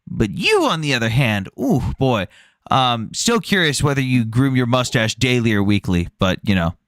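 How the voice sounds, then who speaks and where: A man's voice: medium pitch, very animated, normal speed, fairly bright tone, dry recording. A man hosting a live debate stream, mocking callers and talking to his chat. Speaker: stream host.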